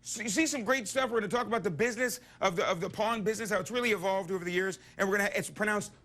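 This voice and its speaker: A man's voice: high-pitched, racing, bright, forceful tone. A man, a morning show reporter bantering and joking live on location. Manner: jokey, playful, teasing. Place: on location at a pawn shop.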